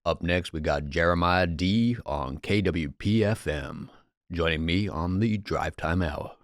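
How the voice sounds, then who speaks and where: A man's voice: low voice, no room sound, studio quality. A man voicing a brash male American drive-time radio DJ with a put-on American accent drifting toward New York. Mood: smooth. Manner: hyped, slow showman patter.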